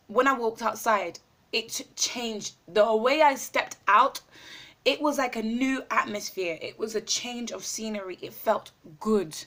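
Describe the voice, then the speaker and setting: A woman's voice: mid-range voice, a bit bright. A woman talking effusively in a casual video diary, full of fillers and repeated words, at times chewing as she speaks. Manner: talks while eating. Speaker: vlogger.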